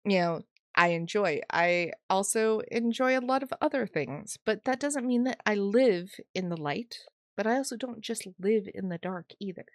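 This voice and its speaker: A woman co-hosting a podcast in loose, friendly chat, playful and quick to poke fun at herself. Her pitch sits in an ordinary middle range. The sound is close and dry, with no room around it. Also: no room sound. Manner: playful, self-mocking, laughs often. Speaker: podcast co-host. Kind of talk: casual chat.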